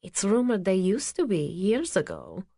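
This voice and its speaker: A woman's voice: medium pitch, wildly swooping pitch, normal speed, dark tone, dry recording, studio quality. Woman doing a seductive whispering assistant, whispered role-play.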